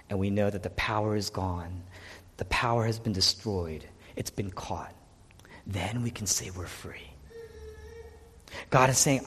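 Guy preaching a sermon, kinda husky, goes big and then drops to near whispers, long echo from the hall. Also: lowish voice. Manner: dynamic preaching, swinging from loud urgency to hushed near-whispers. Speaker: pastor. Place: worship hall.

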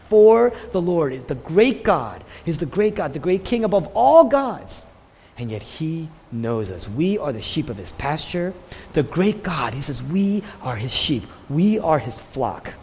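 A male pastor preaching a sermon, swinging from loud declarations down to hushed near-whispers. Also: mid-range voice, slight background noise. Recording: long hall reverb with faint ambience.

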